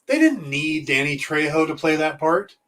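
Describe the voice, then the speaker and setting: Male podcast co-host, casual and opinionated, higher-pitched, slightly distant from the mic. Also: sing-song, moderate pace, fairly bright tone. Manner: chatty, opinionated, rambling with fillers. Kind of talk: casual chat.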